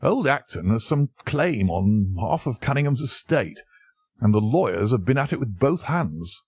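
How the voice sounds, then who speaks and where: A man's voice: medium pitch, sing-song, normal speed, a little mellow, breathy edge, dry recording, voice pushed up. A man voicing a hearty, easygoing older country colonel.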